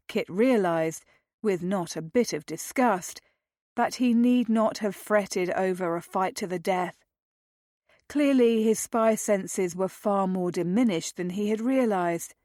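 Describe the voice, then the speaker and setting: A woman reads a historical romance aloud in a measured, dramatic way. She takes her time with every line, unhurried and even. The sound is close and dry. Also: medium pitch, dry recording. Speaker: narrator. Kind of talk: audiobook narration.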